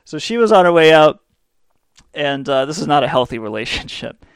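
A man's voice: on the high side, big pitch swings, fairly quick, clean tone, no echo, clean studio sound. A young adult man hosting a podcast, telling rambling, profane, self-mocking stories in a casual way. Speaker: podcast host. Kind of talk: casual comedic storytelling.

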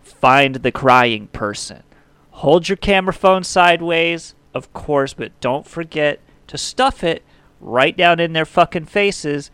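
A man's voice: on the high side, lively intonation, takes it slowly, fairly bright tone, clear, resonant tone, no echo. A man co-hosting a profane satirical comedy podcast, with a mock-serious delivery. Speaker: podcast co-host.

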